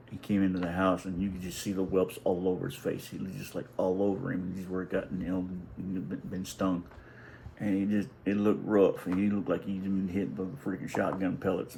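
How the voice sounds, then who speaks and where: Gravelly middle-aged man telling a story. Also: deep voice, darkish tone, a little hiss or hum, low-quality recording. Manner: rambling, folksy, profane, with many restarts. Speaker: vlogger. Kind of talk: casual storytelling.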